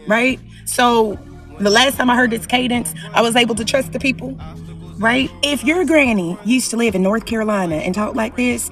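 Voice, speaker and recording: A woman vlogger delivers a heated opinion rant straight to camera, hammering her points by repeating them. She swings from low, deliberate lines to loud outbursts. Her voice sits a little back from the mic, with soft music playing behind her. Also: recorded from a distance.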